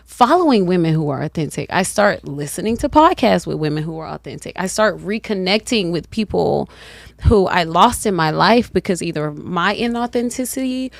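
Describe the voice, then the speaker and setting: A woman's voice: fairly low pitch, animated, moderate pace, gravelly, dry recording. A woman with a Southern accent, a podcast guest talking candidly and reflectively, repeating words for emphasis. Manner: earnest, reflective, emphatic repetition.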